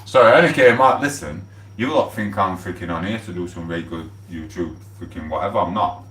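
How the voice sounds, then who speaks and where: Deep-voiced, rambling man in his forties. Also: brisk, fairly bright tone. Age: 40s. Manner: rambling, chatty, swears freely. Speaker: livestreamer. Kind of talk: casual live-stream chat. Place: home kitchen. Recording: roomy echo, distant from the mic.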